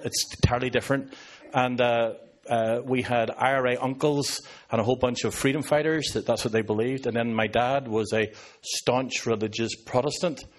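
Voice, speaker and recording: A man in his fifties from Northern Ireland with a Northern Irish accent, a pastor preaching to a live audience and cracking sarcastic jokes. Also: medium pitch. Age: 50s. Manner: joking, sarcastic asides to an audience. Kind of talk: sermon.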